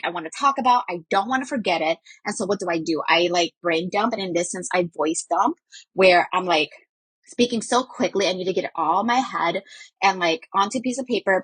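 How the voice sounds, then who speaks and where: A woman mindset coach talking casually in a voice memo, rambling quickly with many fillers and restarts. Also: medium pitch, fairly bright tone, slightly rough, no echo.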